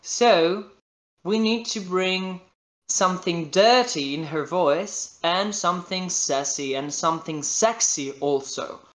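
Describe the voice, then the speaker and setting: A man's voice: sits high, slow pace, a bit bright. Italian man, roomy echo. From Italy. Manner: searching for words with many restarts in non-native English. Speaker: voice actor guest. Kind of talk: podcast interview chat.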